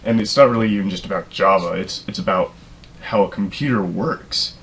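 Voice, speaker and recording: This young man runs an informal programming tutorial, rambling with enthusiasm, peppering his speech with fillers and owning his nerdiness. He talks fairly quickly in a low, slightly bright voice.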